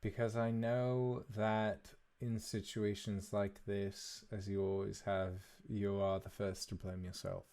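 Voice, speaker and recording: Man as protective brother, soft, earnest, reassuring. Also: on the low side, level tone, takes it slowly, few pauses. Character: gentle, protective older brother.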